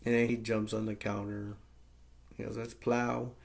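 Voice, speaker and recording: Brief: male vlogger recapping a film, low monotone with heavy vocal fry, rambling and unpolished. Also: moderate pace. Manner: rambling, plain-spoken, with frequent fillers. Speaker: movie reviewer. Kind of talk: casual movie plot recap.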